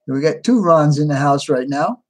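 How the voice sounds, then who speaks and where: A man hosting a livestream, casually greeting viewers by name and answering chat, a little tired. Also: a little high. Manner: reads out viewer names and replies to chat. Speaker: livestream host.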